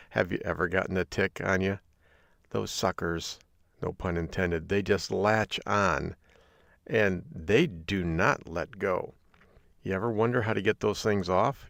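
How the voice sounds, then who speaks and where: A man's voice: on the low side, gravelly, no echo, studio quality. A man from Michigan hosting a podcast, talking in an upbeat, jokey, folksy way. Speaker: podcast host. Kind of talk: solo podcast talk.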